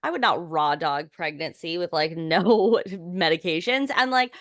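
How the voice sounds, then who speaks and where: A woman's voice: fairly low pitch, a little slow, no room sound, studio quality. A young woman co-hosting a podcast, talking in a casual, rambling way with lots of fillers and restarts. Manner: chatty, filler-heavy, many restarts, animated when amused. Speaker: podcast co-host. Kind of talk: casual chat.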